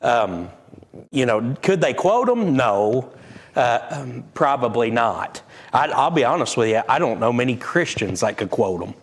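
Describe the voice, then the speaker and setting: In a relaxed Bible-study sermon, this preacher reads scripture in King James wording with a mid-range, sing-song voice. He talks conversationally, halting often with fillers and restarts.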